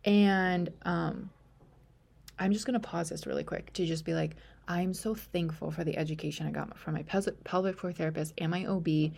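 Low, gravelly-voiced woman chatting. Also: fairly even intonation, normal speed, a little mellow. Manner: chatty, many fillers, drops to a whisper. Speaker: podcast host. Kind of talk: casual personal storytelling.

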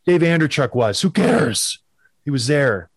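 A Canadian man co-hosting a casual sports chat, animated and teasing, often mock-outraged. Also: on the high side, unhurried, creaky, breathy edge, no room sound, clean studio sound. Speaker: podcast co-host.

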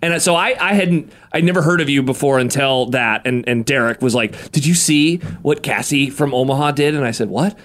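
A man's voice: medium pitch, moderate pace, hardly any pauses, fairly bright tone. A man hosting a running podcast, asking questions in a chatty, self-deprecating way. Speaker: podcast host. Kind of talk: casual interview chat.

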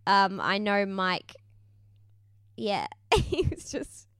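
A woman's voice: mid-range voice, drawn-out words, clean tone, dry recording, clean studio sound. A woman co-hosting a podcast, casually recapping a TV show, laughing and acting out the people she quotes. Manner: chatty, laughing, quotes people in animated voices. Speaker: podcast co-host.

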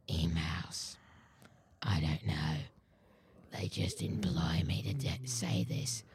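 A man voicing a sneaky, lazy serpent-like male ranger in a whispered role-play, in a breathy, drawling whisper. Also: low voice, a little mellow, pitched below the performer's own voice, heavily acted. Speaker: podcast co-host.

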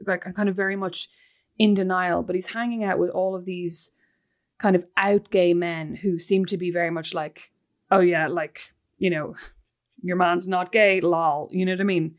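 Woman podcast co-host in her thirties, quick and animated, casual storyteller. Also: on the low side. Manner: animated, tells stories with lots of "like". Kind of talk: casual chat.

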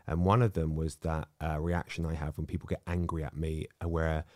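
A man co-hosting a podcast, telling stories about himself in a brisk, self-mocking way. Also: a bass voice, level tone, darkish tone, dry recording, clean studio sound. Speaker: podcast co-host. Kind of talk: casual chat.

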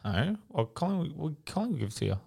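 A man's voice: a little high, fast, gravelly, husky. A young Australian man, an ex-footballer, telling stories in casual podcast chat, swearing freely. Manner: swears freely, animated storytelling. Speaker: podcast co-host, former footballer.

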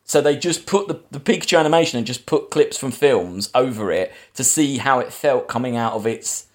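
A man's voice: medium pitch, fairly quick. A man hosting a casual film-review podcast, rambling through plot retellings with lots of restarts. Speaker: podcast host.

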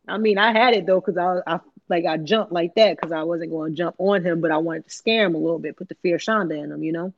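Gravelly, slangy parent telling stories. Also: mid-range voice, fairly quick, no room sound, lo-fi sound. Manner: animated, laughing, slangy, acts out family dialogue. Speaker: podcast host. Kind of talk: casual storytelling chat.

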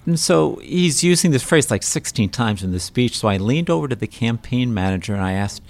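A man hosting an interview, conversational and quick with asides as he guides the guest. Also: mid-range voice, lively intonation, vocal fry. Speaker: interview host.

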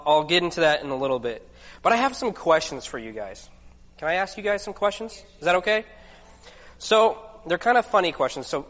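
A man's voice: on the high side, a bit bright. Chatty preacher man in a reverberant hall. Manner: chatty, self-deprecating storyteller with lots of asides. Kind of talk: casual sermon to a congregation.

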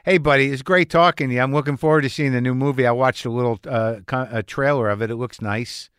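A man's voice: medium pitch, steady tone, fast talker, fairly bright tone, clear, resonant tone, no echo, studio quality. A man hosting a podcast, talking frankly and reflectively in a casual interview, swearing now and then. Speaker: podcast host.

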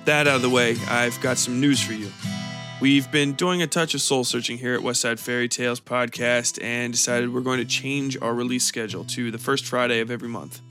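A man hosting a podcast and reading a short story in an even, measured way. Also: medium pitch, soft background music. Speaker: podcast host and narrator. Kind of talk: scripted story narration.

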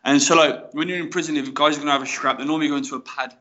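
A man's voice: a little high, fairly even intonation, racing, bright, forceful tone. A young man with a Black Country accent, telling his story frankly and casually as a guest in a podcast interview. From West Midlands, England. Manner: chatty and frank, with many fillers like "mate" and "you know". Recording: slightly dull lo-fi audio.

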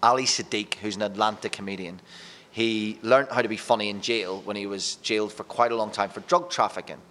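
A man, a radio presenter talking as a podcast guest, telling lively, rambling stories with casual swearing. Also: on the low side, brisk, big-room sound. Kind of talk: casual chat.

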